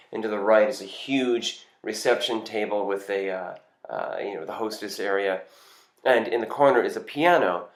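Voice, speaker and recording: Male storyteller, lowish voice, easy conversational delivery, roomy echoey recording. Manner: relaxed, conversational, with small hesitations. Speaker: singer and actor telling an anecdote. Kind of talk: casual first-person storytelling. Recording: roomy echo.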